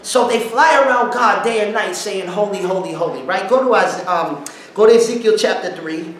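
A man preaching an informal sermon, telling stories in slangy talk, breaking into song and shouts as he retells them. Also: sits high, normal speed, a little hiss or hum. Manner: animated, bursts into song and shouts while retelling. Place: church hall. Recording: very echoey hall, mic at a distance.

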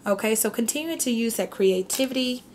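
A woman's voice: a little high, expressive, a little fast. Woman, tarot reader, casual reading, reassuring, chatty, faint hiss behind. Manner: chatty, reassuring, repeats "okay?" and "right?".

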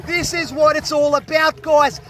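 An Australian man vlogging a plumbing job, excitable and jokey, full of slang and hungover. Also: very high voice, a little slow. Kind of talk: casual on-the-job vlog commentary.

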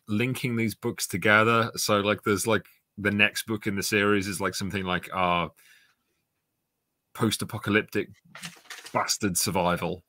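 Bright, dry-voiced joking male co-host. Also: on the low side, little pitch movement, moderate pace, no room sound. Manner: joking, crude, stammering. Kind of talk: casual live-stream banter.

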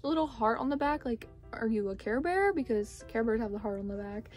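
A young woman with a high voice chats through a casual haul vlog. She gushes and exclaims over each item, her talk full of fillers. Soft music plays faintly under her voice. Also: fairly quick. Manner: gushing, excitable, lots of "like" and "oh my gosh". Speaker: vlogger.

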